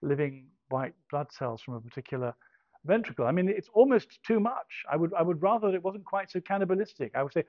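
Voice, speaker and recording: Telling his own story in a dull, echo-free recording, an older man is expressive and a little fast, with a fairly high-pitched voice. His testimony is halting and self-mocking, full of restarts and dry wit.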